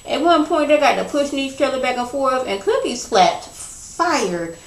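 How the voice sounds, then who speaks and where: A woman's voice: high-pitched, lively intonation, normal speed. A woman giving a casual spoken TV episode recap, chatty and slangy, full of "you know" and "like". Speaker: TV episode reviewer. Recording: echoey room.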